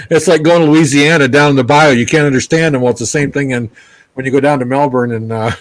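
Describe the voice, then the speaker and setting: A man's voice: medium pitch, fairly even intonation, brisk, dry recording, poor audio. Laid-back guy in his 60s rambling through a story, dry close sound. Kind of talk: casual chat.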